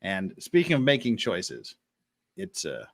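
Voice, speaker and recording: A man's voice: lowish voice, wildly swooping pitch, measured pace, vocal fry. A man hosting a casual livestream chat, reading viewer messages aloud and laughing easily. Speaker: host.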